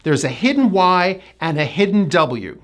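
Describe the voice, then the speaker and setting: Slow, lively American woman coach. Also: lowish voice. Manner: slow, exaggerated enunciation with drilled repetitions. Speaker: pronunciation coach. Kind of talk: pronunciation lesson.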